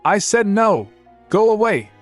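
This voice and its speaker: A man voicing an excitable, flustered little princess girl, exclaiming in a raised voice. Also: a little high, moderate pace, faint music behind, pitched above the performer's own voice, close to an everyday voice.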